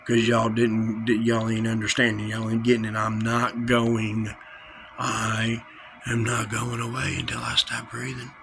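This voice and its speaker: Man, vlogger, confrontational threatening rant, unhurried delivery, middle pitch. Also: completely flat delivery, vocal fry, fairly bright tone, a little hiss or hum, poor audio. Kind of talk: angry direct-to-camera rant.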